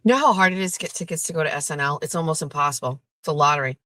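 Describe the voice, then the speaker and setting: A woman hosting her own show, chatting casually with lots of swearing and animated asides. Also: deep voice, very fast, no room sound, poor audio. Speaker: host. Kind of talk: casual chat.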